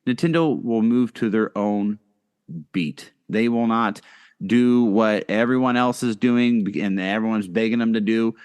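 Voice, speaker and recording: Casting note: man, lowish voice, casual podcast co-host, rambles with ums and restarts. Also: steady tone, measured pace, darkish tone, smooth. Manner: rambling, many fillers and restarts.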